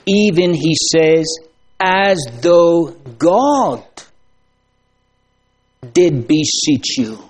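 A man preaching a sermon to a congregation, slow and solemn, building to emphatic pleading phrases. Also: on the high side, lively intonation.

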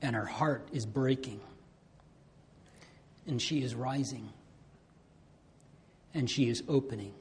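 Male preacher, slow delivery, soft dark tone, rises to loud appeals then drops to near-whispers. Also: mid-range voice, a little hiss or hum. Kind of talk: sermon.

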